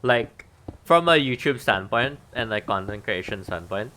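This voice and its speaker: A man's voice: fairly low pitch, expressive, normal speed, pushed and bright. A man streaming a game and chatting casually, thinking aloud about what he is building and poking fun at himself. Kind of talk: casual gameplay stream talk.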